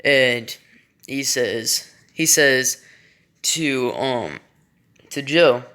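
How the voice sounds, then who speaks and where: A man's voice: medium pitch, extremely slow, bright, forceful tone, smooth. A young man telling a story in a casual, rambling way, swearing often and stopping to restart his sentences. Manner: rambling, profane, full of fillers and restarts. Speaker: vlogger.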